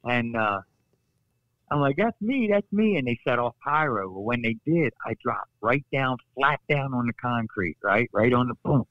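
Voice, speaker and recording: A man, a former wrestler, telling stories on a podcast in a casual, animated way, acting out quotes. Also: moderate pace, hardly any pauses, dry recording, muffled recording. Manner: animated, acts out quotes with raised pitch. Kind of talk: casual storytelling.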